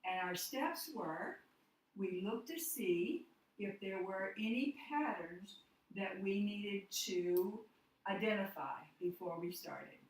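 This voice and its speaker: A woman teaching a phonics lesson, walking through each step slowly and spelling out words letter by letter. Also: mid-range voice, slight background noise. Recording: echoey room, voice from far off the mic.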